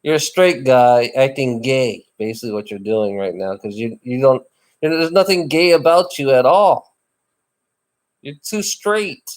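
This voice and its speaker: A man's voice: mid-range voice, animated, measured pace. A man chatting casually in a rambling, teasing way, often restarting and repeating his phrases. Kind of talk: casual chat.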